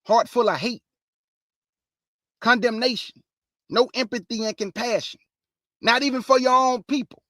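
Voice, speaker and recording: A woman hosting an informal Bible teaching, reading verses slowly and firmly and breaking in with pointed rhetorical questions in a casual, plain-spoken way. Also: fairly high pitch, fairly bright tone, no room sound, studio quality. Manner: casual, plain-spoken, addresses listeners as "y'all".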